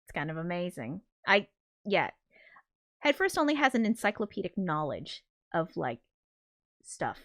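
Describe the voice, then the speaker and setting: A woman's voice: on the low side, very animated, moderate pace, pauses often. A woman hosting a casual livestream, reading viewer comments aloud and reacting with shocked exclamations and laughter. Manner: chatty and rambling, with loud shocked reactions and laughter. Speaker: livestream host and composer.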